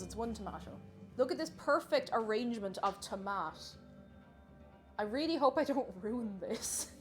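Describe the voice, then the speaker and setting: A woman chatting casually and giggling as she cooks at home and greets her viewers by name. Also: on the high side. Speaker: cooking livestreamer. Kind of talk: casual cooking livestream chat. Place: home kitchen.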